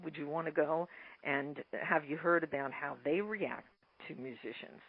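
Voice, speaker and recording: A woman hosting a radio interview who asks measured, prompting questions, heard over a tinny phone-line call. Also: deep voice.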